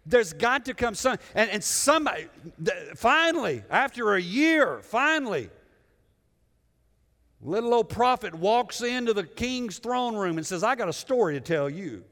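A male pastor preaching a sermon with dramatic swings between loud emphasis and hushed lows. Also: sing-song, measured pace. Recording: long hall reverb.

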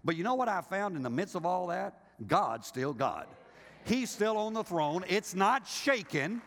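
With a fairly high voice that rises and falls widely, an older male pastor delivers an animated sermon, teasing his congregation and slipping into quoted voices. He speaks unhurriedly, and the recording carries a large hall's long reverb along with some chatter in the background.

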